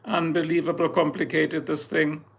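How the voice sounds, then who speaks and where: A man's voice: on the high side, flat delivery, normal speed, gravelly. A man chatting casually on a live stream, boastful and joking, rambling from one thing to the next. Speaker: livestreamer.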